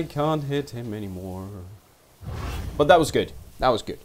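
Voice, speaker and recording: A man commentating his own strategy game, getting excited and talking to his units. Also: medium pitch, normal speed, slight background noise. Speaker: let's play streamer.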